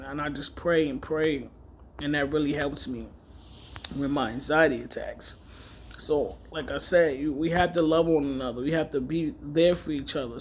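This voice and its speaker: A man's voice: fairly high pitch, a little hiss or hum. A man vlogging, telling a personal story candidly and emotionally, rambling and correcting himself as he goes. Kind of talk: casual personal storytelling vlog.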